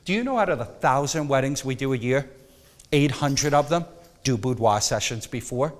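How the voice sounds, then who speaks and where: A man teaching a photography workshop, emphatic and animated, sometimes dropping to a soft coaxing tone. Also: mid-range voice, normal speed, long reverb tail. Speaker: photography instructor.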